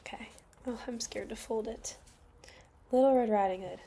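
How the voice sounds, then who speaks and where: A woman casually reading a fairy tale aloud, soft-spoken and sometimes slipping into a near whisper. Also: a little high, normal speed, long pauses, husky. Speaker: reader.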